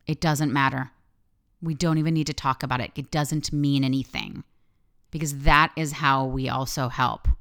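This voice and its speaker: A woman's voice: rumbling low, fairly bright tone, clean tone. A woman host talking frankly and with feeling in a solo podcast monologue, swearing freely.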